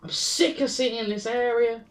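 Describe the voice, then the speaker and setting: Female streamer, slightly high voice, exasperated running commentary full of swearing. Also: steady tone, normal speed, distant mic. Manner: frustrated, swearing, talking to herself. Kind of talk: live gameplay commentary.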